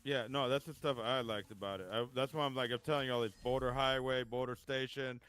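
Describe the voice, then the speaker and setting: A man's voice: mid-range voice, steady tone, brisk, a bit bright, clean tone. A man tells a funny story in casual chat while gaming, laughing often. He acts out his friend's replies. Faint game music plays behind him. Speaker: gaming streamer.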